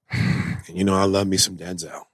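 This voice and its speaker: A man hosting a casual chat, talking in an animated, emphatic and profane way. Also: low voice, no room sound, studio quality.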